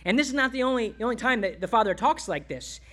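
A male pastor preaching a sermon, exhorting the congregation and dropping to quiet, tender asides. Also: extremely high pitch, lively intonation, fast talker.

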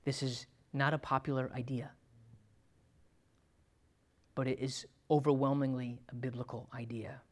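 A man's voice: mid-range voice, flat delivery, a little slow, long pauses. Emphatic conversational male pastor. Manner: emphatic, conversational preaching with frequent "okay?" and "um". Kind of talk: sermon.

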